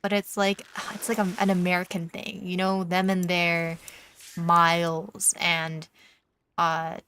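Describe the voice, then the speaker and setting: Laid-back Canadian woman streamer, slow talk. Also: fairly low pitch, monotone, fairly bright tone, slight background noise. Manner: chatty, teasing, filler-heavy. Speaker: VTuber streamer. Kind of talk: casual chat with viewers while gaming. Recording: faint background music.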